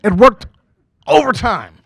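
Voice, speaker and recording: A man's voice: very high voice, expressive, unhurried, creaky, fairly bright tone, breathy edge, no room sound. A man over forty doing a stand-up comedy set as emcee, talking conversationally with frequent "okay?" asides and acting out quoted voices. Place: small community TV studio stage before a live audience.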